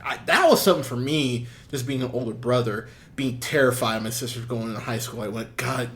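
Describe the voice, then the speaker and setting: A man co-hosting a movie review podcast in casual chat, animated, swinging between loud and soft and laughing often. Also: mid-range voice, brisk. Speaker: podcast co-host.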